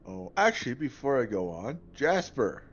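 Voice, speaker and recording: A man's voice: medium pitch, big pitch swings, moderate pace, gravelly, dull audio, slight background noise. A man playing a tabletop game, chatting casually and rambling with lots of fillers. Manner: rambling, many fillers, laughs often. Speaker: player.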